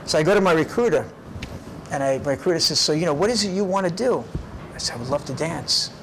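A man in his fifties, an interview guest, tells animated stories from his life in a fairly high voice. He keeps checking in with a quick "right?", and a faint hum of room noise sits behind him. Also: vocal fry, low-quality recording. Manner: lively, tags phrases with "right?". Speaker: interview guest, karate teacher. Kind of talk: animated personal storytelling. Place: karate gym.

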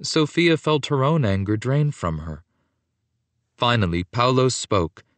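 A man giving an expressive, scripted audiobook narration of a children's story. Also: mid-range voice, unhurried, no echo.

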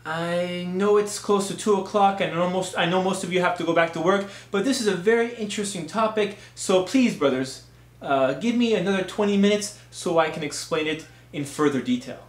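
A man playing a long-winded male preacher who talks slowly and solemnly. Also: high-pitched, roomy sound, natural voice. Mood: droning. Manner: slow, solemn and overdrawn.

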